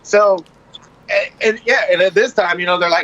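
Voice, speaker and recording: Animated, profane storytelling man. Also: high-pitched, moderate pace, muffled recording. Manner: animated, profane, acts out voices. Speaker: podcast guest, comedian. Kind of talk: casual storytelling.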